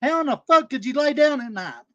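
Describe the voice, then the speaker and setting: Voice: sits high, animated, a little fast, bright, forceful tone, no room sound. Aggravated, profane ranter. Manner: aggravated, profane, repetitive scolding. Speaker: live stream panel host. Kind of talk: angry livestream rant.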